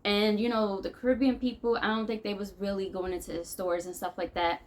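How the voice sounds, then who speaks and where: A woman's voice: mid-range voice, little pitch movement, fairly quick, poor audio. A woman from the United States venting to camera in a rambling, conversational monologue as a vlogger.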